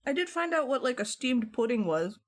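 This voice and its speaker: A woman's voice: sits high, big pitch swings, a little fast. A woman streamer chatting casually with her viewers from home, rambling along and laughing often.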